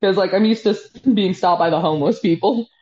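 A woman's voice: mid-range voice, brisk, mellow. A woman comedian telling stories casually as an interview guest over a video call, acting out what people said to her. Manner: storytelling, acts out quotes with lots of "like". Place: apartment above a bar. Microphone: headphones on a video call. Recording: dull lo-fi call audio.

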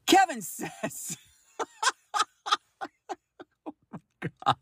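A man in his thirties hosting a solo podcast, talking in an animated, exasperated way, swearing freely and laughing often. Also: very high voice, extremely slow, creaky, long pauses, dry recording, studio quality. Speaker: podcast host.

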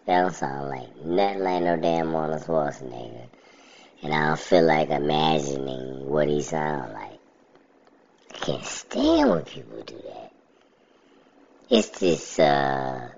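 A man's voice: extremely low pitch, gravelly, darkish tone, slightly rough, muffled recording. A man in casual chat, ranting bluntly about things that annoy him.

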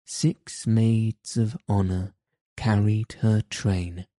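A man calmly reading a fairy tale aloud in a very deliberate way. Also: fairly low pitch, dry recording, studio quality. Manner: calm, very deliberate. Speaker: narrator.

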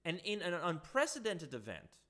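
A man's voice: high-pitched, huge pitch swings, moderate pace, bright, forceful tone. A man giving ranting political commentary, indignant and sarcastic, often stumbling over his words.

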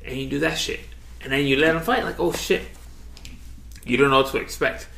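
A man's voice: mid-range voice, brisk, vocal fry, a bit bright, slight background noise. A young man co-hosting a podcast in casual chat, laid-back, swearing freely and saying "dude" all the time. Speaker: podcast co-host. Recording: echoey room.

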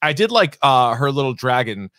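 A man of middle pitch co-hosts a casual movie review podcast. He talks in loose, rambling runs, full of fillers, swearing and quick acted-out asides. His voice is close and dry, with no room sound. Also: very animated, fairly bright tone, smooth, no room sound. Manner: rambling, profane, many fillers and quoted asides. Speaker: podcast co-host.

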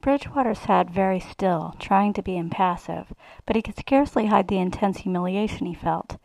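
A woman's voice: mid-range voice, moderate pace, gravelly, a little mellow, rough recording. A woman reading a first-person erotic story aloud in a sly, relishing way. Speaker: reader.

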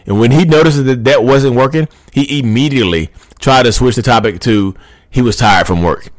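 A podcast host delivers a casual advice monologue in a mid-range voice at normal speed, recorded at studio quality with no room sound. He talks straight to his listeners in a loose, repetitive, conversational way.

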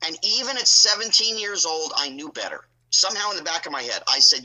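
Middle-aged guy spinning old stories on a podcast, punchy and kinda raspy, does everyone's lines. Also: fairly high pitch, fast, hardly any pauses, rough recording. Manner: animated, acts out other people's lines. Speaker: podcast guest. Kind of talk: casual storytelling.

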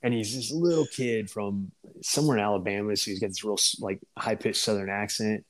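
A man's voice: lowish voice, fairly even intonation, a little fast, poor audio. A man, a former first sergeant, telling a loose, profane army story in casual talk and acting out the voices of the people in it. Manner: laid-back, swearing, acts out quoted voices.

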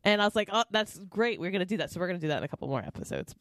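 A woman's voice: lowish voice, huge pitch swings, rapid-fire, no echo, studio quality. A woman co-hosting a podcast in casual chat, candid and laughing often, swearing freely. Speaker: podcast co-host.

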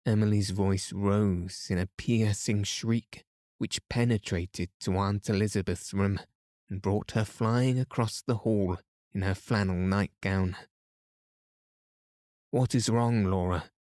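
Man, bedtime story narrator, soft-spoken, slow, low voice. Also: steady tone, dry recording, studio quality. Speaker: podcast narrator.

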